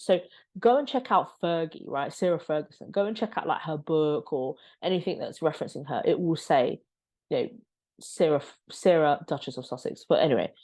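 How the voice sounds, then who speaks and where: A woman with a low voice talks straight to camera in a casual commentary vlog. Her tone is sarcastic and mocking, full of exasperated asides. She rambles with fillers as she goes. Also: darkish tone. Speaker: commentary vlogger.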